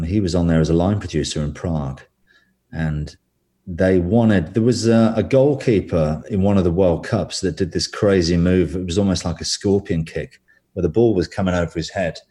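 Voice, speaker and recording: A man's voice: low voice, mellow. A man telling rambling, self-deprecating stories as a guest in a casual interview.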